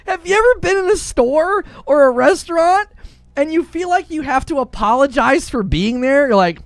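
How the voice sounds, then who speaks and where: A man's voice: very high voice, sing-song, unhurried, no room sound, clean studio sound. A man streaming live, chatting with viewers and laughing often as he acts out mock dialogue. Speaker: gaming streamer.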